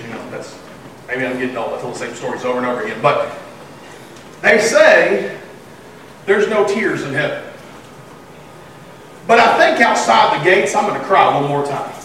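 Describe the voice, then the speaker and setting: In a church sanctuary, a pastor with a high-pitched voice delivers a sermon full of humor and abrupt, excited shouting. The room is very echoey, he's recorded from a distance, and a faint hum lies beneath.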